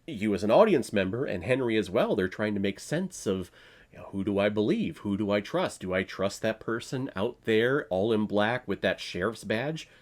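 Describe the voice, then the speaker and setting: A man's voice: on the low side, expressive, moderate pace. A man giving a casual, opinionated movie review, blunt, with sarcastic asides and the odd swear word.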